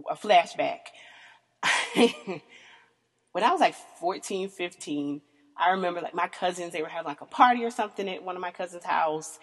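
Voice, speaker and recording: A Southern American woman in her thirties, hosting a podcast and telling candid stories, profane and laughing often. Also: big-room sound. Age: 30s. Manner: frank, profane, laughs often, voice leaps high in mock disbelief. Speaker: podcast host. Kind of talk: candid casual storytelling.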